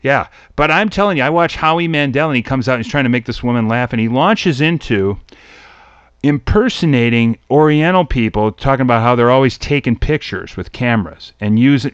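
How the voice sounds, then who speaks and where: Smooth-voiced man telling a story. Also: brisk, no room sound, lo-fi sound. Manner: animated storyteller, mimics voices in a high pitch. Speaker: podcast host. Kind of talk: casual chat about old TV.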